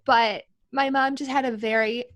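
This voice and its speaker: A woman's voice: on the high side, fairly even intonation, normal speed, fairly bright tone, no room sound, lo-fi sound. A woman from Minnesota with a Minnesota accent, co-hosting a podcast in casual, chatty talk with lots of fillers. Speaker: podcast co-host. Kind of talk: casual chat.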